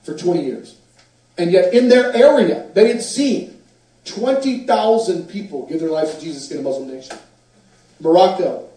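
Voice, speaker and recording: A man preaching a sermon, telling stories with lively, acted-out quotes. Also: high-pitched, normal speed. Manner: animated storyteller, acts out quotes. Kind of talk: sermon storytelling. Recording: echoey hall from far off.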